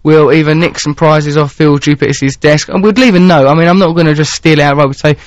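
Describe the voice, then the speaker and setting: A man's voice: fairly high pitch, steady tone, fast talker, dry recording. A man in his thirties hosting a radio show in a studio, chatting in a playful, rambling, theatrical way. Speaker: radio host. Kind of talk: casual radio chat. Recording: dry, slightly dull radio broadcast.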